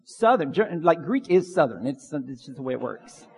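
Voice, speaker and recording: Earnest preaching man, higher voice. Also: very animated, normal speed, gravelly, slightly rough, big-room sound. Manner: earnest preaching, repeats phrases for emphasis. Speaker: pastor. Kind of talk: sermon.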